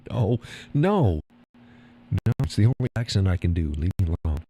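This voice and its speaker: Casual stream host, male, low voice, folksy and rambling, chuckles a lot. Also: mellow, a little hiss or hum. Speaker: live-stream host reading viewer chat. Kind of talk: casual live-stream chat.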